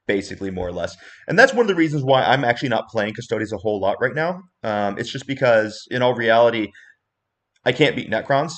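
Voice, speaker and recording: A man hosting a casual livestream chat, animated and chatty, laughing easily and explaining with confidence as a coach. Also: medium pitch, quick pace, hardly any pauses. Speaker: host and coach.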